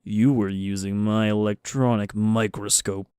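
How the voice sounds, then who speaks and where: A man's voice: lowish voice, fairly even intonation, measured pace, darkish tone, smooth, no echo, studio quality, close to an everyday voice. A man playing an indignant, irate professor. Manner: indignant, demanding. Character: irate middle-aged male professor.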